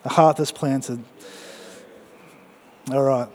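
A man preaching a sermon as pastor, energetic and joking as he exhorts the congregation in church. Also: mid-range voice, slow, long reverb tail.

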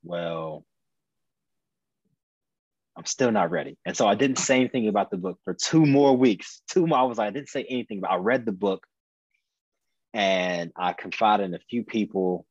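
A man's voice: lowish voice, fairly quick, no echo, highs cut off. A man in his thirties, a podcast guest, telling a personal story earnestly and candidly, often restarting and repeating his phrases. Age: 30s.

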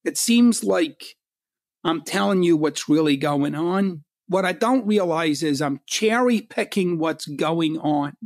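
In a podcast interview, a middle-aged Scottish guest author makes his points bluntly and emphatically, with swear words for punch. His voice is a little high and slow, recorded at studio quality with no echo.

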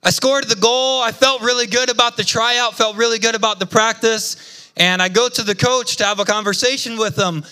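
A young adult man preaching a sermon as pastor, telling lively personal stories and calling out to the congregation. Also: very high-pitched, moderate pace. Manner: lively storytelling with congregation call-outs. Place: church.

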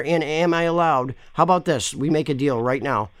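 A man rambles through a prank phone call, pushy and quick to swear. His voice sits a little high, and the sound is dry and close. He keeps pressing the person on the line. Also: fairly bright tone, dry recording. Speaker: caller complaining to a store.

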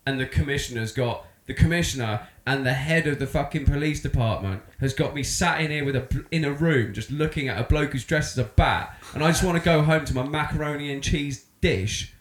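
A man co-hosting a podcast, rambling in casual chat and slipping into loud impressions. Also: a little high, fairly quick, few pauses, roomy sound. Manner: rambling, animated, breaks into shouted impressions. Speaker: podcast co-host.

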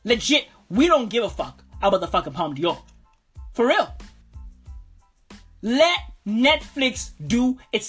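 A woman in a profane comic rant, full of slang, repeated lines and loud exasperated outbursts. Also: sits high. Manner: slangy, swearing, repeating itself. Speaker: ranting vlogger.

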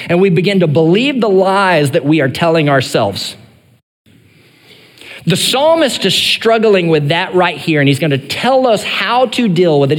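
High-voiced pastor preaching in a reverberant church. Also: male voice. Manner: earnest preaching, rising to pleading cries when voicing the psalmist. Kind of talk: sermon.

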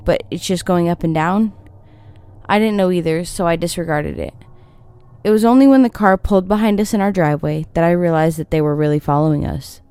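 A woman reads a scripted horror story in a steady, even storytelling voice. Her pitch sits on the low side for a woman. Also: smooth.

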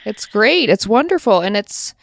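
A woman's voice: medium pitch, sing-song, moderate pace, no room sound, clean studio sound. A woman co-hosting a casual podcast, chatting enthusiastically with lots of fillers. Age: adult parent. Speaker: podcast co-host. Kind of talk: casual chat.

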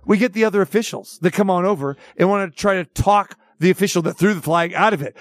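A man's voice: high voice, fast talker, few pauses, no room sound, studio quality. A man hosting a sports talk segment, ranting with incredulous rhetorical questions. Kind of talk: opinion rant segment.

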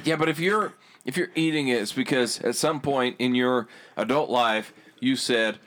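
A man's voice: mid-range voice, moderate pace, a bit bright. A man hosting a podcast, chatting casually and chiming in agreeably. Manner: easygoing, agreeable interjections. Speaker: podcast host. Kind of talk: casual chat.

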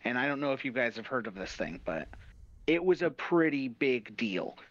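A man's voice: medium pitch, big pitch swings, normal speed, dry recording. A man co-hosting a podcast, telling stories animatedly in casual review chat and swearing freely. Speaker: podcast co-host. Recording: slightly dull, dry sound.

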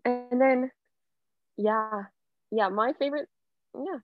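A woman's voice: a little high, slow pace, dry recording, phone-quality sound, faint music behind. A young woman co-hosting a casual movie podcast, rambling with lots of "like". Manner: rambling, heavy use of "like".

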